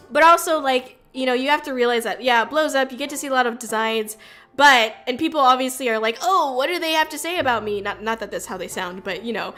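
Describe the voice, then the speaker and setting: This VTuber streamer is a woman with a high-leaning, sharp-toned voice. She chats casually and rambles, with lots of fillers, restarts and the occasional swear word.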